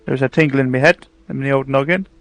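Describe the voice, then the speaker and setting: A man voicing a quiet metal construct with no memory, speaking slowly and reflectively in a tabletop role-play. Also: mid-range voice, no echo, faint music behind, natural voice. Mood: wistful.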